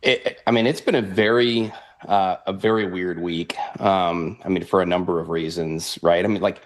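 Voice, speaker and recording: A man talking through futures charts in a rambling, animated way, laughing often. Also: deep voice, normal speed. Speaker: futures trader guest. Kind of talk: casual market analysis chat.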